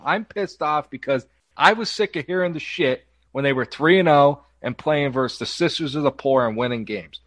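A man vents about a football team with profane, animated outbursts, his pitch jumping around a lot. The recording is dry and close. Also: normal speed, no room sound. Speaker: podcast co-host. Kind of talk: casual sports betting talk.

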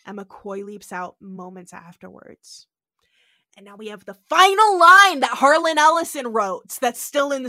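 A woman's voice: high voice, unhurried, no room sound. A young woman co-hosting a podcast, recapping an episode in a chatty way, full of "like" fillers. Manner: animated, full of "like" fillers, jumps into voices. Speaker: podcast co-host.

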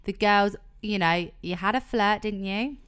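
A woman co-hosting a casual chat podcast, telling stories with animated quoted bits. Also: medium pitch, a little slow, clean tone. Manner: animated storyteller, acts out quotes. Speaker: podcast co-host.

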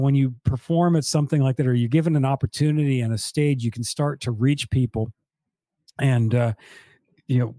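A man's voice: mid-range voice, dark tone, dry recording. A man interviewing a band member, asking questions in a friendly, conversational way.

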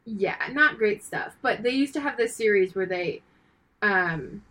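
A woman co-hosting a casual chat, playful with quick reactions. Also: mid-range voice, animated, a bit bright, low-quality recording. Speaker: podcast co-host.

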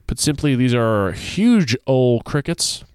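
A man with a smooth, resonant voice hosts a casual podcast chat, playful and quick to laugh. He is recorded close and dry, with almost no room sound. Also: medium pitch, very animated, darkish tone, dry recording. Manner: playful, laughs often, reads excerpts aloud. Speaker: podcast co-host presenting a segment.

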